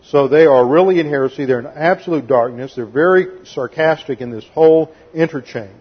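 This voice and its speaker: A man's voice: fairly high pitch, husky, lo-fi sound. A man preaching a methodical expository sermon, explaining Greek grammar and reading scripture aloud. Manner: methodical, explains Greek grammar, occasional sarcastic voicing of quotes. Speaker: pastor. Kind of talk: expository Bible teaching sermon.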